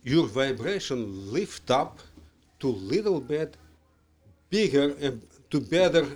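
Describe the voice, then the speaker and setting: A man talking as a studio guest in a slow, halting, playful way, with non-native grammar. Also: on the high side, expressive, a little mellow. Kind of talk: casual interview chat.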